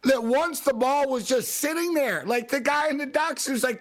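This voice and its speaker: A loud, excitable man reacts to a football game as he hosts friends watching it. His voice sits high and keeps rising in frustration. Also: moderate pace. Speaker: host of a game watch-along. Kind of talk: excited live game chat.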